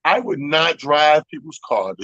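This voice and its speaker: A man co-hosting a radio talk show, telling a profane, animated story in casual chat. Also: a little high, unhurried, no room sound, dull audio. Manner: animated, profane, acts out other people's voices. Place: radio studio. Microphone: studio microphone.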